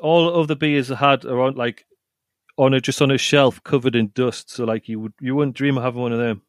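Male co-host, mid-pitched, rambling storyteller, dry studio sound. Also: steady tone, brisk, no echo. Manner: rambling, repeats himself, reads reviews aloud with laughs. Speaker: podcast co-host. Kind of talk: casual chat.

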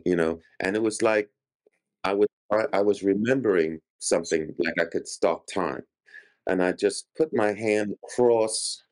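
A man's voice: deep voice, darkish tone. A man, an interview guest, earnestly recounting a personal experience in vivid detail. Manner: earnest, vivid storytelling with gestures described.

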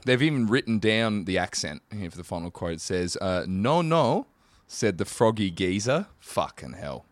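Man, playful podcast co-host, very lively pitch, dry video-call sound. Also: normal speed, no echo. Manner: laughs a lot, playful, animated. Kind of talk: casual chat.

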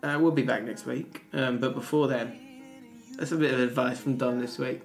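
A man's voice: mid-range voice, steady tone, moderate pace, gravelly, soft background music. A man hosting a casual podcast, chatty and jokey, reading out stories and bantering with co-hosts. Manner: chatty, jokey, reads news stories aloud. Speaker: podcast host. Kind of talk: casual chat.

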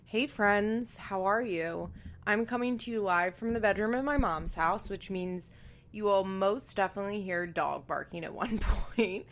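A woman's voice: medium pitch, moderate pace, over music. A woman hosting a podcast from her bedroom, chatting candidly with frequent asides and swearing. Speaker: podcast host. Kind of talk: casual podcast chat. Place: bedroom at home. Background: fan running.

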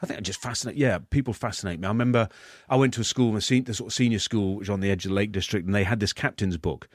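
Guest in his 50s, low-pitched, halting delivery, dry close sound. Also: no room sound. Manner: halting, many restarts. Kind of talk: interview.

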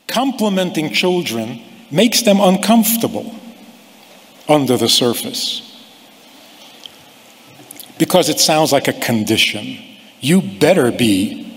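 A man giving a slow, deliberate sermon on family, acting out the voices he quotes. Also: mid-range voice. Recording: long hall reverb.

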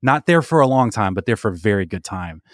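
A man's voice: on the low side, expressive, fast talker, no echo. A man co-hosting a podcast, chatting casually about sports and pop culture with a dry, jokey manner and plenty of filler words. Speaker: podcast co-host.

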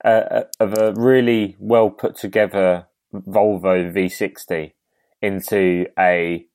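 A man's voice: low voice, flat delivery, slow pace, darkish tone. A man in his twenties with a southeast English accent, hosting a podcast in casual, rambling chat. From Kent, England. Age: 20s. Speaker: podcast host.

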